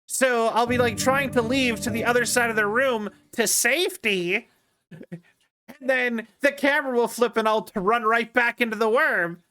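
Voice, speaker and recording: A man's voice: extremely high pitch, normal speed, pushed and bright. A man casually commenting on a video game as he plays, chatty and rambling with lots of fillers. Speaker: streamer.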